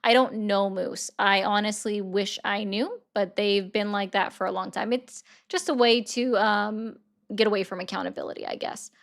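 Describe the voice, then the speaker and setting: A woman's voice: medium pitch, fairly even intonation, moderate pace, gravelly. A woman hosting a livestream in a casual, rambling way, answering viewer comments and thanking viewers. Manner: chatty, rambling, reads viewer comments aloud. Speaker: livestream host.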